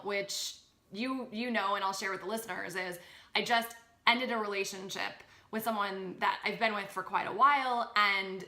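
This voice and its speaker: Woman, podcast guest, expressive, bright tone, roomy echo. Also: medium pitch. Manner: animated and expressive, acts out inner voices. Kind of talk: spiritual coaching conversation.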